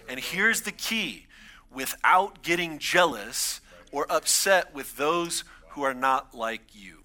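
A man's voice: on the high side, pushed and bright. A man in his thirties, a pastor, gives a conversational sermon in a church and builds emphasis on his key points.

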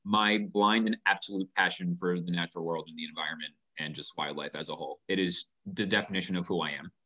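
A passionate man in a relaxed sit-down interview. His voice sits low but rings bright and forward. He talks earnestly and often doubles the first word of a thought. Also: fast talker. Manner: earnest, passionate, repeats words when starting sentences. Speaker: company founder, guest. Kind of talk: casual interview conversation.

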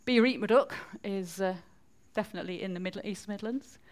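A woman's voice: mid-range voice, brisk, darkish tone. A woman from northwest England with a Mancunian accent, giving a chatty church talk and quizzing the congregation. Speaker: preacher.

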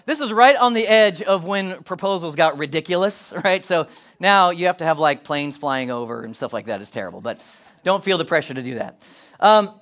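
A man in his forties, from Colorado, telling a personal story to an audience with animated, self-deprecating humor and joking asides. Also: sits high. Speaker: speaker addressing an audience.

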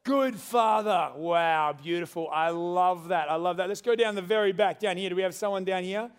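Lively high-voiced preacher. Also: male voice, fairly quick, smooth. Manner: animated, joking with the congregation. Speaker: pastor. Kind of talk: sermon. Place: church hall with congregation.

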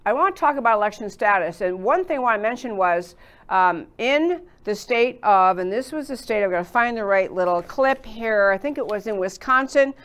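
A woman's voice: mid-range voice, animated, moderate pace, fairly bright tone. A woman hosting a political talk show, rambling through her commentary with many fillers and restarts. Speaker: show host.

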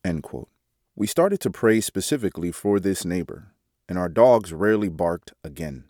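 A man reading a devotional article aloud in a measured way, announcing each quotation out loud. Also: low voice, expressive, dry recording, clean studio sound. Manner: measured, reads quote marks aloud. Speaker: devotional reader.

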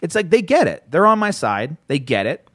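A New Jersey podcast host talks casually in a slightly high voice at a moderate pace, recorded in studio quality with no echo. He rambles animatedly, swearing a lot and frequently restarting his sentences.

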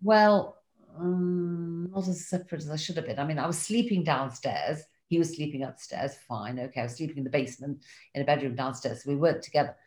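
Older woman, low voice, wry and candid diary reader. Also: brisk, darkish tone. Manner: wry, self-mocking and candid. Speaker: guest recounting a diary. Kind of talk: reading diary entries and casual chat.

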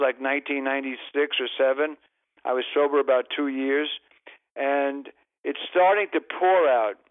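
An older comedian spins a long, wandering story on a radio show, cutting himself off and piling on exasperated asides. His voice sits a little high. It comes through a dry, tinny phone line. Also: no room sound. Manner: rambling, self-interrupting, exasperated asides. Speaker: comedian, guest.

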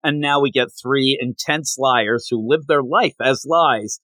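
A man co-hosting a podcast, chatting casually and animatedly about a manga chapter, often slipping into quick voices for the characters. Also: mid-range voice, pushed and bright, no room sound. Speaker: podcast co-host.

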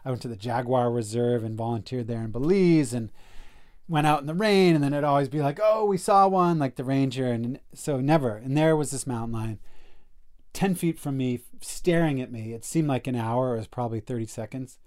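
A man in a casual podcast conversation, telling a personal story in an earnest, animated way. His pitch sits in a middle range for a man. He often fills his sentences with "like" and restarts them as he goes. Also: fairly quick. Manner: earnest and animated, with frequent "like" and self-corrections.

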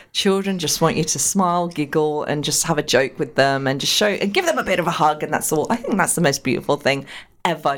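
Woman radio host, gushing and chatty, lower-pitched voice. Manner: warm, gushing, often laughs and says mashallah. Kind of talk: casual on-air chat.

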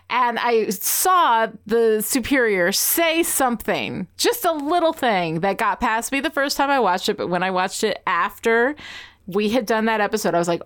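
A woman co-hosting a podcast, chatting casually and excitedly, often laughing. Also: mid-range voice. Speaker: podcast co-host. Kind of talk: casual chat.

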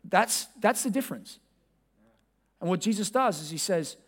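A man preaching a sermon as pastor, talking conversationally and directly to his congregation, sometimes pressing hard and sometimes dropping to a hush. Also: sits high, animated, normal speed, pauses often.

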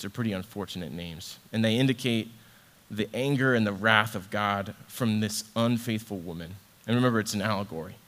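Speaking on the low side with a slightly bright tone, this ministry associate director delivers his sermon. He's a young adult man who keeps it earnest and conversational, dropping in casual fillers.

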